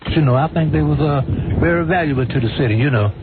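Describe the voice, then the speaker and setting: A man's voice: on the high side, fast talker. A man answering questions in a taped street interview, hesitant with short replies. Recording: lo-fi tape replayed on radio, noisy.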